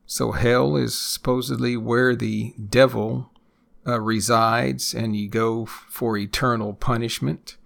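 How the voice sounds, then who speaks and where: A man hosting an English-learning podcast lesson, speaking slowly and repeating phrases for learners. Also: medium pitch, level tone, creaky, a bit bright. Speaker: English teacher and podcast host.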